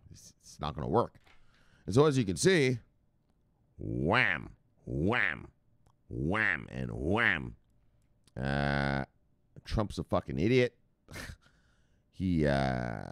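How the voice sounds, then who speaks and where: Loud, swearing man on a stream. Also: deep voice, dry recording, clean studio sound. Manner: profane, loud bursts, repeated catchphrases. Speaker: livestream host. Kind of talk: casual livestream chat.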